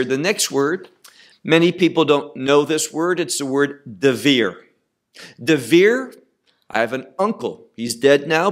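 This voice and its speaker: A man teaching the Bible verse by verse, deliberate and emphatic, repeating key words for weight. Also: medium pitch, a bit bright.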